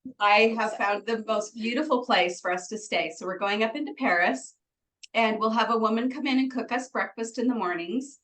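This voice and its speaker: A woman's voice: on the high side, normal speed, fairly bright tone, low-quality recording. Bubbly, giggly woman chatting as a guest. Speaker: guest, retreat organizer. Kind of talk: conversational interview.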